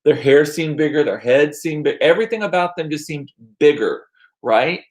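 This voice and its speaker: A man's voice: fairly high pitch, normal speed. A man in his forties chatting casually with his stream viewers, telling rambling stories full of asides and restarts. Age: 40s. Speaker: livestream host reading chat.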